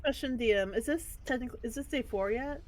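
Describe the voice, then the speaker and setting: A woman's voice: on the high side, fast talker. A woman at a tabletop game checks details with practical questions. She talks in an easy, casual way. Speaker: player.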